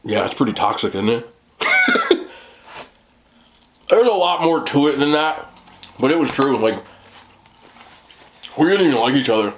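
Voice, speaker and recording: A man hosting a mukbang, chatting casually to the camera between bites. His voice sits at a middle pitch but swings widely, jumping up when he exclaims. He speaks in an animated way, with loud bursts. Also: measured pace, pauses often, noisy background. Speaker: mukbang host. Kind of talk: casual chat while eating on camera.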